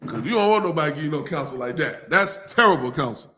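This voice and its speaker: A man with a Southern US accent teaching scripture on a live stream, mixing casual slang and laughter with slow verse readings. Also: a little high, animated, pushed and bright. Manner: casual street slang, laughs often, reads verses slowly.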